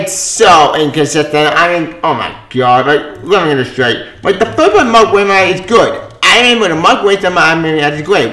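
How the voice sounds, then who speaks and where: A man with a somewhat high voice talks his way through a comic book review in a loose, rambling manner. He sounds exasperated and swears freely. The room around him has a noticeable echo. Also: sharp tone. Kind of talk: casual spoken review.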